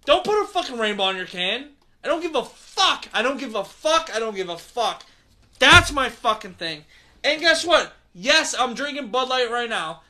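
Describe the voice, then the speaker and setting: Guy with a really high bright voice going off on a swearing rant, podcast host. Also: big pitch swings, normal speed, slight background noise. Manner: loud profane rant, lots of repetition. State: out of breath.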